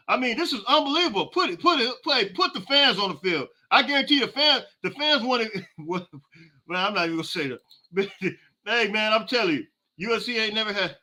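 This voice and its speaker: Podcast host, male, high-pitched and piercingly bright, ranting in casual slang. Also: lively intonation, fairly quick. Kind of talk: live halftime reaction with viewer comments.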